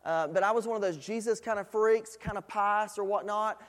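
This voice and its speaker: A man with a high voice preaches to his congregation, talking easily with plenty of "uh"s and "you know"s. Now and then he pushes a question hard at the room. His words ring out with a long trailing reverb in the church hall. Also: normal speed. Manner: conversational preaching with frequent fillers, rising to emphatic questions. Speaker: pastor. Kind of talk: sermon. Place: church sanctuary.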